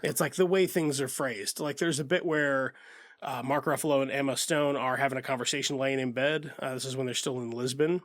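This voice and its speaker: A man's voice: mid-range voice, fairly even intonation, a little fast, no room sound. Guy casually chatting films on a podcast, swears a lot, dry close mic. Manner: blunt, swears often, acts out characters. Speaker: podcast co-host. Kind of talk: casual movie chat.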